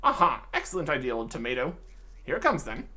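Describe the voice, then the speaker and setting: A man's voice: mid-range voice, big pitch swings, fast, sharp tone, pitched below the performer's own voice. Man as a pompous bearded old dwarf, plummy old-fashioned posh diction, sing-song delivery. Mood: jolly.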